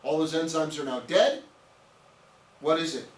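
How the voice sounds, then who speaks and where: A man with a fairly high voice speaks a little slowly as he trains a small group on nutrition. Emphatic and repetitive, he often asks "okay?"; a distant mic captures him in an echoey room with an audience and faint noise.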